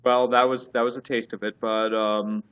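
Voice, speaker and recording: A man's voice: mid-range voice, level tone, moderate pace, clean tone, highs cut off. A man co-hosting a casual wrestling chat, rambling with lots of fillers and restarts. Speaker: podcast co-host.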